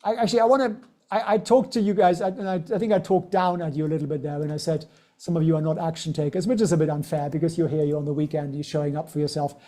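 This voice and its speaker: Guy doing a casual live trading lesson, kinda high voice, joking around w viewers. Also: fairly even intonation, quick pace, warm tone. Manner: chatty and joking, speaking straight to viewers. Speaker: stock trading educator hosting a livestream. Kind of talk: casual livestream teaching.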